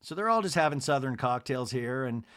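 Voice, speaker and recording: A man's voice: medium pitch, lively intonation, brisk, a bit bright. A man hosting a podcast, giving a chatty, gossipy solo TV recap. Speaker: podcast host. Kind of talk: casual TV recap monologue.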